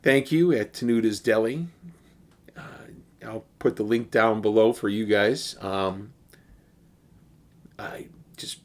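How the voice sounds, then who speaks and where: A man's voice: fairly low pitch, a little slow. A man chatting casually through a beer review, rambling with lots of fillers and restarts.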